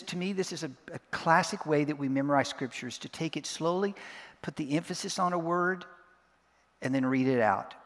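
A man giving a sermon as a pastor, earnest, repeating verses slowly word by word. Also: medium pitch. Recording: long reverb of a large hall.

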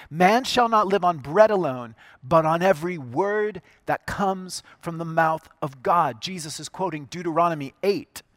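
A man's voice: fairly high pitch, a bit bright, no room sound. A man preaching a sermon, earnest and emphatic, repeating key phrases for weight. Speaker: pastor.

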